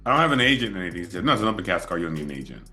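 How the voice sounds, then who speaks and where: A man with a very low voice hosts a casual sit-down interview. His tone is bright and forceful as he tells a loose, relaxed story. He laughs easily along the way. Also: racing, faint music behind. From moved to LA as an adult. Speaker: podcast host.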